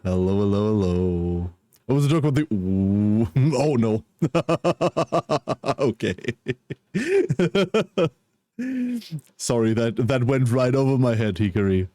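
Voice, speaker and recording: A man chatting casually on a livestream, groggy from a nap, speaking softly and apologetically as he greets viewers one by one. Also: mid-range voice, animated, slow pace, dry recording, studio quality. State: groggy, just woke from a nap. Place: at home, wrapped in a blanket.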